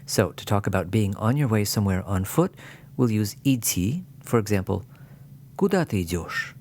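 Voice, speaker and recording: Male teacher, lowish voice, clear scripted lesson narration, dry humor. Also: normal speed, a little mellow, slight background noise. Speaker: language teacher.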